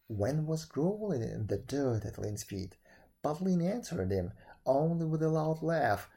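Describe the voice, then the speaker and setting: Male storyteller, husky, mellow low tone, measured folk-tale reading. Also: expressive. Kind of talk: storybook read-aloud.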